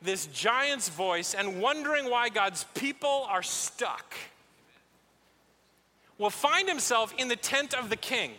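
A male pastor preaching a sermon, telling the story in an animated way and acting out scenes. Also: extremely high pitch, takes it slowly. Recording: echoey hall.

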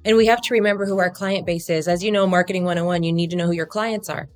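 Her pitch is fairly low and her tone steady, and she talks quickly with faint music in the background. This law firm co-founder is an energetic, outspoken interview guest who occasionally curses and breaks into imitations of others in a relaxed, chatty exchange.

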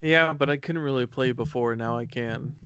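A laid-back man co-host cracks jokes while he lounges at home. His voice is relaxed and unhurried. The sound is dry and close to the mic. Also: medium pitch, smooth, no room sound, muffled recording. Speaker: podcast co-host. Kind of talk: casual chat.

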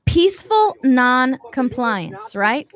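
A woman's voice: sits high, very animated, slow, a bit bright, dry recording. A woman hosting a commentary show, talking emphatically and acting out quotes as she reacts to a video. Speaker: show host.

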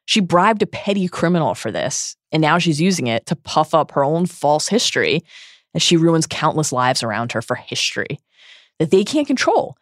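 A woman's voice: deep voice, lively intonation, normal speed, no echo, studio quality. A woman hosting a podcast, recapping a book in an earnest, dramatic reading. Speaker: podcast host.

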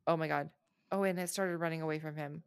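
A woman co-hosting a casual chat, narrating a video as she watches and reacting with squeamish, excited exclamations. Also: sits low, fast talker, clean tone, no echo, clean studio sound.

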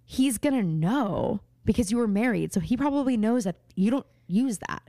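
A woman's voice: on the high side, animated, normal speed, warm tone, no echo, studio quality. A woman co-hosting a podcast, chatting casually and playfully about a TV show, riffing on jokes and laughing often. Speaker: podcast co-host. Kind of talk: casual chat recapping a TV show.

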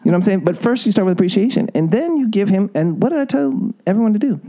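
A man's voice: sits high, expressive, fast talker, warm tone, poor audio. A middle-aged man giving relationship advice as a podcast guest, coaching emphatically and acting out example lines.

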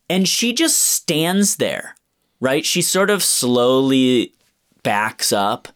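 Animated man ranting about a film. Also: medium pitch, slow pace. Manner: animated, profane ranting with acted-out quotes. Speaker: podcast co-host reviewing a film. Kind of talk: casual chat.

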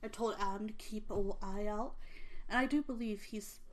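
A woman's voice: medium pitch, fairly even intonation, normal speed. Earnest woman chatting about true crime. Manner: earnest and emotional, many fillers. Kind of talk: casual true crime chat.

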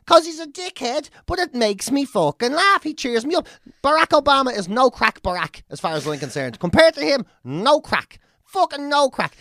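A woman's voice: sits high, a bit bright, no room sound, clean studio sound. A woman co-hosting a podcast, swearing freely and riffing blunt comic rants in casual chat. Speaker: podcast co-host.

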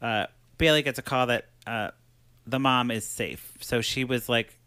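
A man with a bright, crisp voice recaps a movie plot in loose, chatty fashion. He talks animatedly and keeps dropping into quick impressions of the characters. The sound is dry and close. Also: mid-range voice, no echo. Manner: animated, breaks into quoted voices while retelling. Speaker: podcast host recapping a film. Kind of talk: casual chat.

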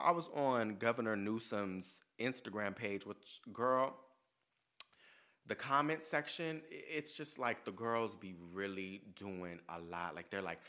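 Bright-voiced sassy male podcast host. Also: medium pitch. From United States. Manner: sassy, profane, animated storytelling. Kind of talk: casual monologue.

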